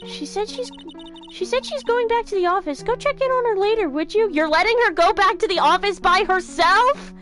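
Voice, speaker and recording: An excitable young sidekick who jumps in loud and indignant, as a woman reads her lines. She talks very high with bouncy, swinging intonation over faint music. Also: brisk.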